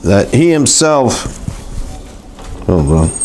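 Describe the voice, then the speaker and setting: Male teacher, low-pitched, stop-start delivery with constant restarts, classroom lesson. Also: sing-song, a little mellow, faint music behind. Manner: halting, repeats words, many restarts. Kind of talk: live Torah class. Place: classroom in Los Angeles.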